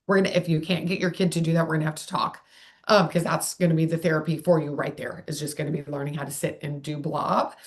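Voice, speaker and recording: A woman speech therapist with a slightly low voice, leading an online workshop. She talks in a chatty, rambling way and breaks off to demonstrate mouth sounds aloud. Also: level tone, fast talker. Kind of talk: live online workshop teaching.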